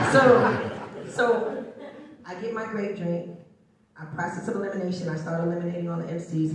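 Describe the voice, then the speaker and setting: A middle-aged woman giving an interview, telling stories in an animated way and laughing often. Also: on the low side, a little hiss or hum. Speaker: interview guest. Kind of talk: conversational storytelling. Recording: echoey room, mic at a distance.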